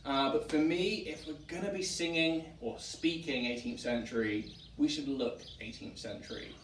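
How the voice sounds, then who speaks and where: An Englishman from Wiltshire talks through old rural dialects in a relaxed teaching chat, stopping now and then to act out a sample line. The mic sits a fair way off, so his voice carries the echo of the room. A faint hum of ambience stays behind him. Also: on the high side, normal speed, far from the mic. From Wiltshire, England. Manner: explains and demonstrates accents with lively put-on examples. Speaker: historic site director. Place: historic tavern room.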